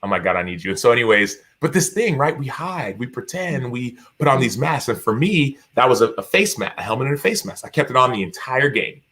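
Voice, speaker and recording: A man's voice: mid-range voice, sing-song, brisk, hardly any pauses, sharp tone, breathy edge. A man in his thirties, a podcast guest and author, telling stories animatedly in a casual interview, acting out quotes with many restarts.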